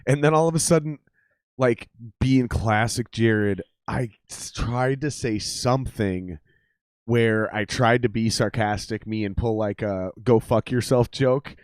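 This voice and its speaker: A man's voice: medium pitch, unhurried, clear, resonant tone, no room sound. A man from Minnesota hosting a live show, telling stories in casual, profane banter with frequent laughs. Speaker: podcast host.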